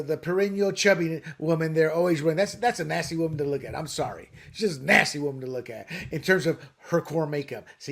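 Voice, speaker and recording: A fairly high-voiced man co-hosts a political show in an animated, mocking way. His tone is bright and pressed, and he keeps chuckling at his own jokes. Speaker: podcast co-host. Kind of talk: opinionated political talk.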